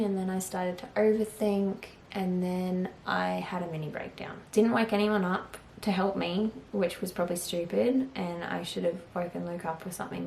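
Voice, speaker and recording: Young woman, low gravelly voice, candid chatty vlog storytelling, recorded in an echoey room. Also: darkish tone, slight background noise. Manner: chatty, open, heavy use of "like". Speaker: vlogger, new mother.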